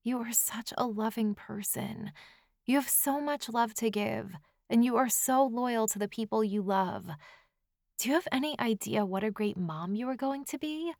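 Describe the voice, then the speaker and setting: A woman's voice: a little high, moderate pace, vocal fry, a little mellow, dry recording, clean studio sound, voice pushed up. A woman reading an audiobook, voicing a caring young woman best friend who reassures firmly and teases bluntly. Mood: encouraging. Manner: firm, reassuring, teasingly blunt.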